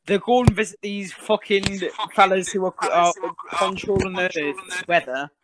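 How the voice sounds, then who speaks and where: A man's voice: high voice, steady tone, moderate pace, crowd noise. A Geordie man chatting casually on a podcast, laughing often and swearing freely. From England. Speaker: podcast host. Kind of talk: casual chat.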